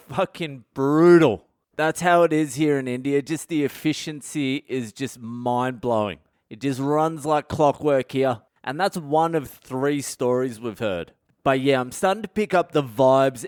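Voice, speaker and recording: Profane comedian riffing alone. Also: male voice, mid-range voice, unhurried, a little mellow, clean tone, dry recording, studio quality. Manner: profane, storytelling, acts out voices. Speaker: comedian podcast host. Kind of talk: daily comedy podcast monologue. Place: a home in India.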